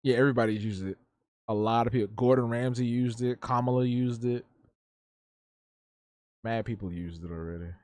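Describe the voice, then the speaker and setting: A man's voice: mid-range voice, moderate pace, long pauses, a little mellow, no room sound. A young man hosting a live drawing stream, chatting loosely in slang and answering his chat. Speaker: livestreaming artist.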